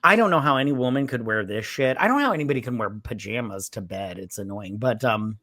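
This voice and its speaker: A man's voice: mid-range voice, animated, bright, forceful tone. Rambling, crude male movie reviewer. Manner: rambling, crude, jokey, acts out characters in quick asides. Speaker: podcast co-host. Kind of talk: casual drunk movie review chat.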